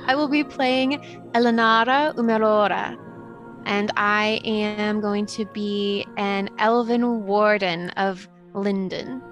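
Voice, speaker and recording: A woman introducing herself as a player in a tabletop game, speaking gently. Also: on the high side. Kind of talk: casual chat.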